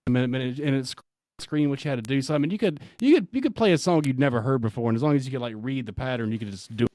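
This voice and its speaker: A young man co-hosting a radio show, answering in a measured, dry way and laughing easily. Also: medium pitch, dark tone, no room sound. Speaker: radio co-host. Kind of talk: casual radio chat.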